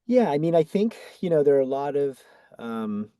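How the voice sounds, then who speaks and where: A middle-aged man from Massachusetts with a Boston accent, answering interview questions in a measured way with frequent ums and restarts. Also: fairly high pitch, big pitch swings, clear, resonant tone, no echo, dull audio. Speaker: guest, ad agency founder.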